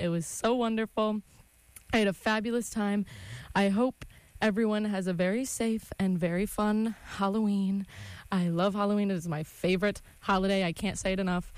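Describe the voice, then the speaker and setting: A woman's voice: medium pitch, darkish tone, no echo. Giggly young woman radio host. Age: young adult. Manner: giggly, chatty, laughs often. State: out of breath. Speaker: college radio show host. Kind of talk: casual chat.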